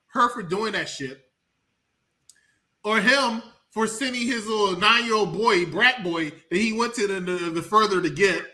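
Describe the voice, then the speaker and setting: A man co-hosting a casual movie review podcast. He talks in an animated way, laughs often and swears freely. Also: high voice, normal speed. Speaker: podcast co-host.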